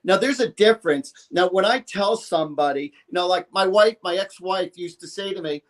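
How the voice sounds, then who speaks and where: A man's voice: high-pitched, normal speed. A man in his fifties, a psychic guest on a talk show, talking in an emphatic, rambling way and acting out quotes. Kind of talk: animated talk show chat.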